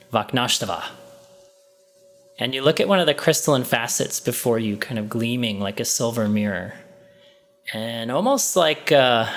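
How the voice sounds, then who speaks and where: Male game master, mid-pitched, slow descriptive narration with ums and restarts. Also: fairly bright tone.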